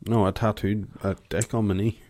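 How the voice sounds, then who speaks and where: A man, co-hosting a casual podcast chat, blunt and quick to cut in and correct. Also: fairly low pitch, little pitch movement, a little mellow, dry recording. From Ireland. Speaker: podcast co-host.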